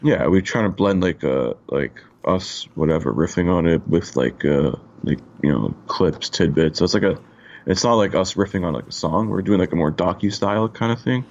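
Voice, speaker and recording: A man from Canada co-hosts a podcast in a very deep, gravelly voice. He talks in a laid-back way, swearing freely and leaning on fillers. The recording sounds a little dull. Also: normal speed. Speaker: podcast co-host. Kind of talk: casual chat.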